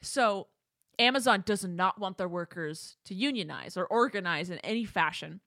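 A woman hosting a casual chat show with her mother, ranting in an animated way and laughing often. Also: mid-range voice, normal speed, dry recording, studio quality. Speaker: host. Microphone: studio microphone.

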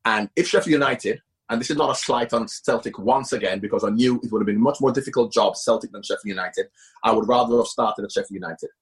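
A man's voice: medium pitch, fast talker. A middle-aged man, a former football manager, talking at length as an interview guest, emphatic and repeating himself for stress. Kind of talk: casual interview talk.

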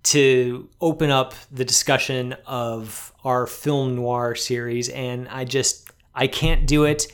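A man's voice: mid-range voice, steady tone, slow, clear, resonant tone. Thoughtful male podcast co-host. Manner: thoughtful, self-deprecating. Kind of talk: casual film discussion.

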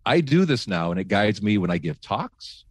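A man who once worked as a radio host, telling faith stories in casual talk, animated, laughing often and restarting his sentences. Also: fairly low pitch, moderate pace, slightly rough, dry recording. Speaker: guest, former radio host.

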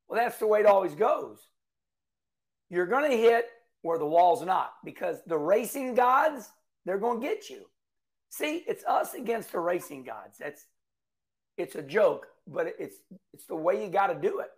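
Folksy racing commentator, middle-aged man, lively storyteller, high raspy tone. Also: unhurried. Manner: folksy, animated storytelling with acted-out quotes. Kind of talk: casual monologue.

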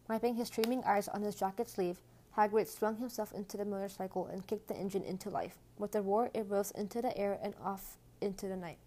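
A woman reading a children's storybook aloud in a gentle, hushed manner. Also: mid-range voice, steady tone, a little fast. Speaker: audiobook reader. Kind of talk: storybook narration.

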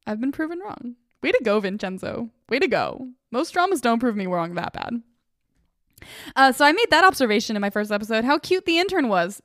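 A young woman hosting a casual solo podcast, excitable and self-mocking, laughing often as she reacts. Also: fairly high pitch, no echo, clean studio sound. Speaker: podcast host.

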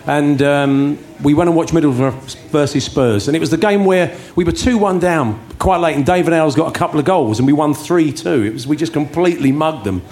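London man telling a lively football tale. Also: fairly high pitch, fairly quick, hardly any pauses. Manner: animated storytelling. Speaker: podcast co-host. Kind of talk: anecdote on live podcast.

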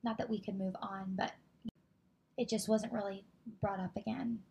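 A woman's voice: medium pitch, fairly even intonation, moderate pace, vocal fry, mellow, husky. A woman hosting a podcast conversation, giving short, supportive affirmations. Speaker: podcast host. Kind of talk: conversational interview.

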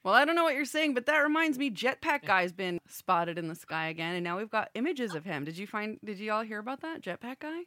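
A woman's voice: mid-range voice, sing-song, a little fast, few pauses, pushed and bright, no echo, studio quality. A woman co-hosting a radio show, bantering casually and cracking jokes between segments. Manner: joking, playful.

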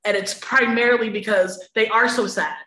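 A woman's voice: a little high, steady tone, moderate pace, bright, forceful tone, echoey room, poor audio. A woman guest on a podcast, talking candidly and emphatically, laughing often and swearing freely. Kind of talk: candid conversational interview.

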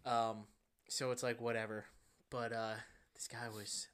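A man's voice: mid-range voice, measured pace, fairly bright tone, smooth. A young man co-hosting a casual podcast, telling a story in a rambling, self-deprecating way with many fillers. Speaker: podcast co-host. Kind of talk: casual chat.

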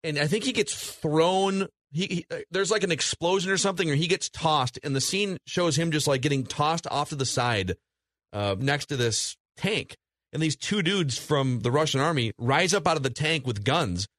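A man's voice: a little high, moderate pace, no echo. Chatty man recapping action scenes. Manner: animated storytelling, recaps scenes at length. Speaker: podcast co-host. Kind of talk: casual movie review chat.

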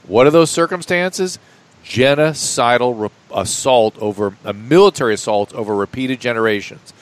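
A man on a casual talk show, explaining his own theory at length in a measured way. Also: mid-range voice.

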